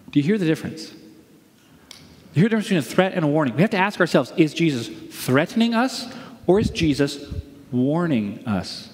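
A man's voice: fairly high pitch, sing-song, brisk, a little mellow. A male pastor preaching a sermon in a conversational way, posing rhetorical questions to his congregation. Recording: long reverb of a large hall.

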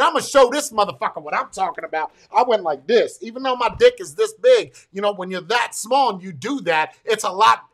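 A man ranting through a casual, profane story, excitable and full of stumbling restarts. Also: high-pitched. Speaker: military veteran telling a story.

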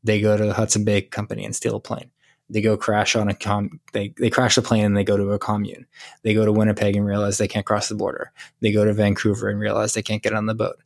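A man's voice: on the low side, completely flat delivery, fast, gravelly. A man co-hosting a casual movie podcast, giving a rambling opinion. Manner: rambling, searching for words. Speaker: podcast co-host. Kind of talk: casual movie review chat.

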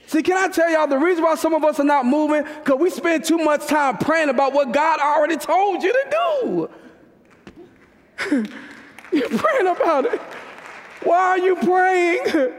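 A man preaching a sermon, swinging between fervent shouts and quiet asides as he talks straight to the congregation and laughs often. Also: very high voice, expressive, unhurried, long pauses, long reverb tail. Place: church.

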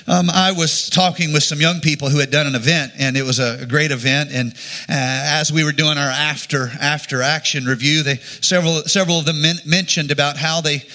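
A man's voice: on the high side, fairly even intonation, brisk, bright, forceful tone. A middle-aged male pastor preaching a sermon in an earnest way, often restarting his phrases.

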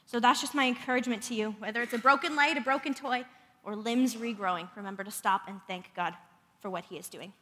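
Woman preacher, higher voice, earnest sermon, reverberant church hall. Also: fast, bright, forceful tone, slight background noise. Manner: earnest, storytelling with prayerful passages. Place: church sanctuary.

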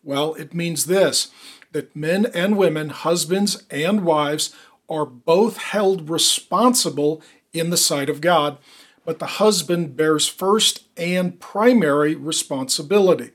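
A man's voice: fairly high pitch, slow. A middle-aged man preaching a sermon, emphatic, punching key words as he drives each point home. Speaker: pastor.

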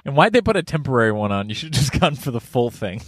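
A man's voice: mid-range voice, big pitch swings, fast, dry recording, clean studio sound. A man co-hosting a casual podcast, laughing often and rambling as he talks. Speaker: podcast co-host.

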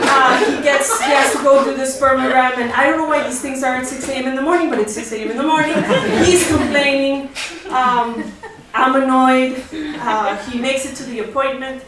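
A woman's voice: high voice, steady tone, normal speed, hardly any pauses, over a noisy crowd. A woman in her thirties telling a candid, wry personal story before a live audience, laughing now and then. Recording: roomy live-stage sound, mic at a distance.

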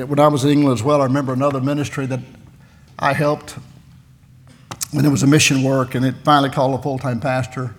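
A man in his sixties, a missionary preaching a folksy sermon in a church, telling personal stories and building to loud, fervent peaks. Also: mid-range voice. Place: church sanctuary.

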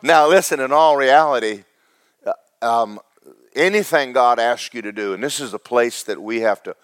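A man, pastor of a church, preaching a sermon with big swings between loud, fervent highs and low, joking asides to the congregation. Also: normal speed, smooth, no room sound. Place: church sanctuary.

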